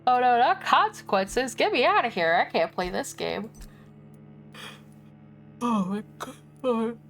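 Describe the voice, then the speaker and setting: A woman streamer chatting casually as she plays, excitable, laughing and swearing freely. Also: fairly high pitch, slow, faint music behind. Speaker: game streamer.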